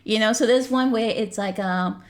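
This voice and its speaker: A woman, a guest on a casual podcast, talking in a chatty, rambling way full of restarts and quick laughs. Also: fairly high pitch. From Australia. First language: not English.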